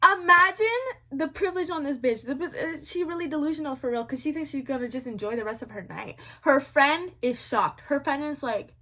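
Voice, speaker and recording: High-pitched, animated young woman vlogger. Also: a little fast. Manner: animated, slangy and profane, with dramatic repetition. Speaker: vlogger telling a story. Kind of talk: casual storytime vlog.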